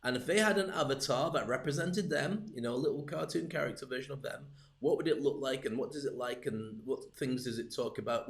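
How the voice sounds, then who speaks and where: A man giving a live-streamed business coaching talk, lively and jokey, speaking straight to his viewers. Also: mid-range voice.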